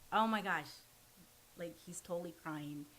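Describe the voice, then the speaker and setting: A woman's voice: lowish voice, a little slow, fairly bright tone, slight background noise, low-quality recording. A woman in her forties, a podcast guest, telling a personal story in an earnest, forthright way. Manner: earnest and forthright, self-described pushy. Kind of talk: candid storytelling in casual conversation.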